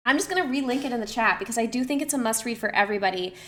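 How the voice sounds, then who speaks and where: A woman's voice: a little high, lively intonation, racing. A young woman streamer chatting to her live chat, reflective and loose, with many fillers and restarts. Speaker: streamer and personal trainer.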